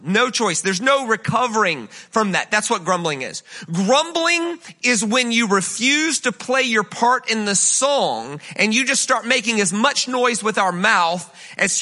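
In a church sanctuary, a guest speaker with an extremely high-pitched voice preaches a sermon. He is energetic and conversational, peppering the congregation with rhetorical questions.

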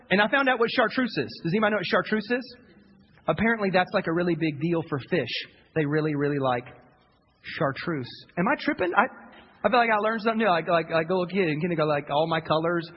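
A man preaching a sermon as a pastor, telling a story in an animated way, repeating words and acting out the people he quotes. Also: high-pitched, husky. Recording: dull audio with long hall reverb, faint noise.

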